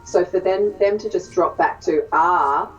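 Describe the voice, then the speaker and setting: A woman's voice: mid-range voice, normal speed, darkish tone, soft background music. Brief: female Australian accent coach, thoughtful and hesitant, dull distant clip sound. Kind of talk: interview explanation.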